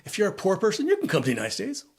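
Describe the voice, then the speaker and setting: A man's voice: high-pitched, huge pitch swings, rapid-fire, slightly rough. Rambling older man in his 70s. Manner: rambling and repetitive, lists things, asks himself questions. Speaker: vlogger. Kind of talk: casual spoken opinion monologue.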